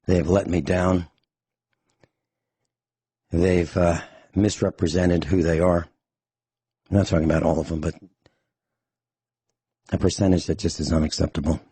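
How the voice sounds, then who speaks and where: A hoarse man hosting talk radio, his very low, dark voice worn rough from days of talking. He sounds out of breath, blunt and angry as he delivers his monologue. The recording is close and dry. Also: flat delivery, measured pace, pauses often, no room sound. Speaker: radio show host.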